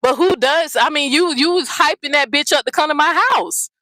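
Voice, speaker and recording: A woman's voice: high-pitched, moderate pace, pushed and bright, no echo, rough recording. Profane, fiery woman ranting on her vlog. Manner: blunt, profane, mocking. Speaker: channel host. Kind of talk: confrontational vlog rant.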